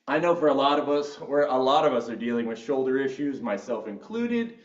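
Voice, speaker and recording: Male fitness instructor, encouraging, lively sing-song cues, distant roomy sound. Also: medium pitch, brisk. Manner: upbeat, encouraging, counts down reps. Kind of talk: live workout class cueing. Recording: roomy echo, distant mic, dull sound.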